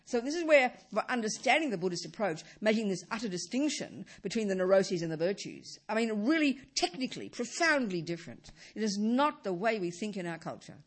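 A woman giving a Buddhist dharma talk, emphatic, often repeating words and restarting sentences, with phrases that fall low and soft at the end. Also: brisk, few pauses. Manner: lively pitch, drops low and soft at phrase ends. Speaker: Buddhist teacher.

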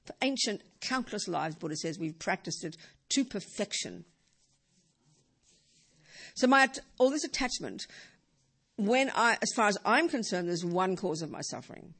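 Buddhist teacher, woman, lively and playful delivery, live hall talk. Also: medium pitch, moderate pace, pauses often, slightly rough. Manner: lively, joking, repeats words for emphasis.

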